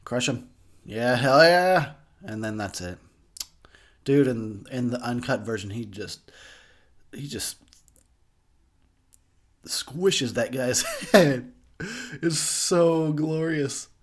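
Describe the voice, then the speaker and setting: A man's voice: medium pitch, slow, pauses often. A drunk man giving a rowdy, profane movie commentary, laughing a lot.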